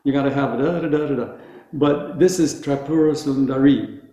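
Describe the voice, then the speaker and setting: A man teaching a group how to pronounce words, slowly and patiently, repeating each word for them to echo back. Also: mid-range voice, warm tone. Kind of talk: teaching Sanskrit pronunciation to a group. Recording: very echoey room.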